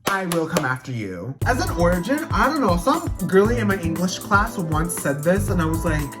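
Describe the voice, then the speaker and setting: A woman's voice: lowish voice, sing-song, moderate pace, over music. A young woman casually explaining slang words to her viewers, playful and dramatic, acting out her own examples. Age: young adult. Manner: playful, dramatic, slips into sing-song quoting.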